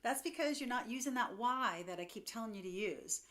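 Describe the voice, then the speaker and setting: A woman's voice: on the high side, lively intonation, a bit bright. A young woman giving a singing lesson, upbeat and chatty, explaining as she goes. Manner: upbeat, explains with quick demos and laughs. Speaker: vocal coach.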